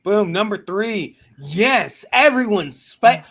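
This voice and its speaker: Animated man hosting a geeky podcast. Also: high-pitched, normal speed. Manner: animated, acts out quoted reactions. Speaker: podcast host. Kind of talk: casual chat.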